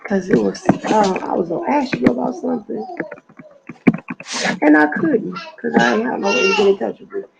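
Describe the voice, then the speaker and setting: A woman's voice: on the high side, lively intonation, moderate pace, gravelly, very noisy. A middle-aged woman with a heavy voice, chatting casually from her apartment on a livestream, meandering with lots of fillers. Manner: chatty and meandering, with many fillers and lost trains of thought. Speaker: livestream host. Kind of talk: casual rambling chat. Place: apartment at home.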